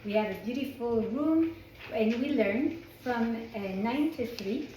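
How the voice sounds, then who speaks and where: Woman, French accent, chatty class teacher, restarts a lot, slightly high voice, roomy echo. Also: expressive, unhurried, mellow, a little hiss or hum. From France. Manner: chatty, self-correcting, with frequent restarts. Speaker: Torah teacher. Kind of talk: informal class lecture. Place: indoor class room with a small group.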